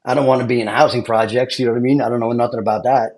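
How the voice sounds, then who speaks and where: A man's voice: medium pitch, fairly even intonation, rapid-fire, darkish tone. A middle-aged man from Brooklyn, a retired officer telling stories in a casual chat and often adding "you know what I mean" asides. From Brooklyn, New York. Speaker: guest, retired police and fire officer.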